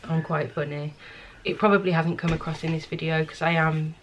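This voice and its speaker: A woman's voice: deep voice, flat delivery, fairly quick, noisy background. Chatty young Birmingham woman. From England. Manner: chatty, candid, self-deprecating. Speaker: vlogger. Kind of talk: casual chat to camera. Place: indoors at home. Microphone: camera mic.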